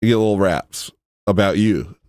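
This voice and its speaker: Goofy male streamer, somewhat low voice, rambling casual chat, soft music underneath. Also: moderate pace. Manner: rambling, self-deprecating, goofy. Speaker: livestream host.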